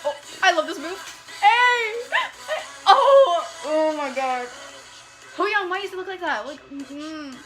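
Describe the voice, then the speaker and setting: A woman's voice: high-pitched, expressive, measured pace, pushed and bright, poor audio. A young woman hosting a music video reaction, gushing, squealing and laughing as she watches. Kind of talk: excitable reaction commentary. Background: faint music from the video being watched.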